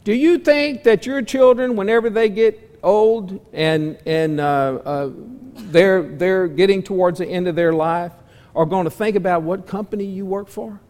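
A man teaching a church class in a folksy sermon style, asking his listeners many questions and moving between loud and soft delivery. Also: high voice. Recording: long hall reverb.

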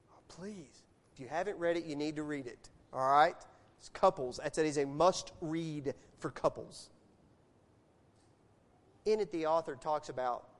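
A middle-aged man preaching a sermon, animated, moving between loud emphasis and quiet asides. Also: on the high side. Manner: animated preacher telling a story, shifting loud and soft. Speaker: pastor. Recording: long hall reverb.

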